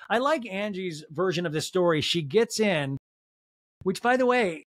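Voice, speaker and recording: A man's voice: high-pitched, expressive, moderate pace, dry recording, clean studio sound. A man hosting a comedic solo TV recap podcast, talking with sarcastic, joking asides. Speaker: podcast host.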